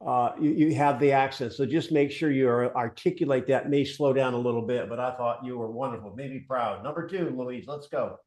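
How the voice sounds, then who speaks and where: A man's voice: mid-range voice, darkish tone. A man hosting a sales training session, giving brief encouraging feedback and keeping time. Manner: encouraging, brisk timekeeping. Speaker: host running the role-play session.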